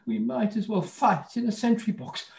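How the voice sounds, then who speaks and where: A man's voice: high-pitched, normal speed, vocal fry, a little mellow, far from the mic. Blustering man reading, echoey room. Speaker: volunteer reader playing Acres. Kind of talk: live play reading.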